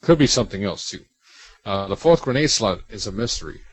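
A man's voice: fairly low pitch, lively intonation, brisk, husky, no room sound, rough recording. A man co-hosting a casual podcast, rambling a bit as he reads out listener mail. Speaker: podcast co-host.

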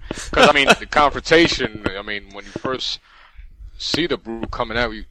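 Male podcast co-host, low but bright, animated storyteller who laughs a lot. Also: normal speed, rough recording. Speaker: podcast co-host reading listener mail. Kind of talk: casual gaming podcast chat.

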